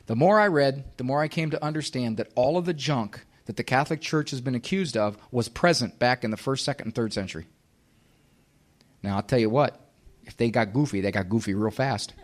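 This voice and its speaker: A man's voice: medium pitch, vocal fry. A man giving a live talk to an audience, emphatic and sarcastic, firing off rhetorical questions.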